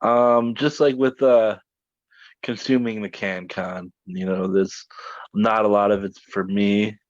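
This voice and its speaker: Hesitant low-voiced male co-host, dull dry sound. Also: fairly even intonation, dry recording. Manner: hesitant, dry, halting with ums. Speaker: podcast co-host. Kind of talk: casual chat. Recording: slightly dull, dry recording.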